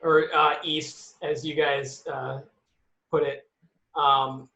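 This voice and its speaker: A man narrating as game master, slowly and hesitantly, with many fillers. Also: on the high side, little pitch movement, bright, forceful tone, roomy sound, lo-fi sound, slight background noise.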